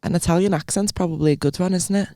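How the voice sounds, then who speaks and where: A woman's voice: on the low side, fast talker, dark tone, dry recording, studio quality. A young adult woman co-hosting a podcast, bantering and teasing in casual comedic chat. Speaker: podcast co-host.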